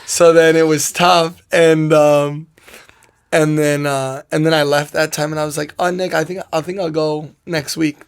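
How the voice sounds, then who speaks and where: A man's voice: a little high, moderate pace, fairly bright tone, clear, resonant tone. A young man, a soccer player guest in an interview, telling a personal story in a rambling way, full of "like" and quoted asides.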